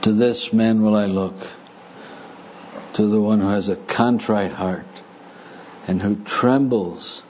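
A man delivers a sermon at a slow, measured pace. His voice sits low and warm, and he speaks deliberately with touches of dry humor. The recording is slightly muffled, with a faint hiss underneath. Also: fairly even intonation. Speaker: preacher. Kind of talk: sermon with audience discussion.

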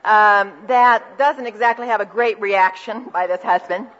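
A woman giving a conversational Christian talk on marriage, telling anecdotes and dropping into soft asides. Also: a little high, moderate pace. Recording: dull lo-fi recording.

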